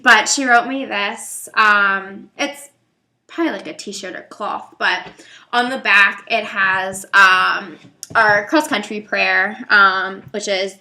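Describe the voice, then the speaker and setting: Young woman vlogger, bright tone, chatty and hesitant, lots of fillers. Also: medium pitch, slow pace. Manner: rambling, hesitant, heavy on fillers. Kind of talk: casual talk to camera.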